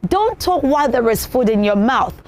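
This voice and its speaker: A woman presenting a children's television show, teaching manners in an animated way and acting out examples. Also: high-pitched, normal speed. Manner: animated, repeats points, acts out examples.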